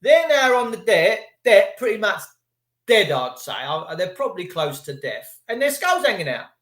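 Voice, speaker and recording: Sweary man ranting, bright. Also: high voice, big pitch swings, normal speed, reverberant. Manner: swearing, mocking, acts out voices. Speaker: livestream ranter. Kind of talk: angry livestream rant.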